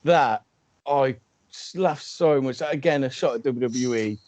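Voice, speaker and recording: A man's voice: medium pitch, a little slow, darkish tone, dry recording. A man co-hosting a casual wrestling chat, amused and easygoing. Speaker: podcast co-host.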